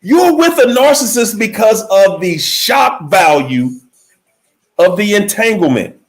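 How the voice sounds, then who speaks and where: Here a man gives a motivational speech with a high voice and lively intonation. His cadence is emphatic and repetitive like preaching, slowing on key words over faint background music.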